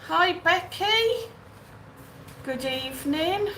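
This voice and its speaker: This livestream host has a very high-pitched voice with lively intonation and a sharp tone, and she talks extremely slowly. Broadcasting casually from outdoors or home in Benidorm, she names viewers as she greets them and works through their comments. The audio is poor, with faint noise in the background.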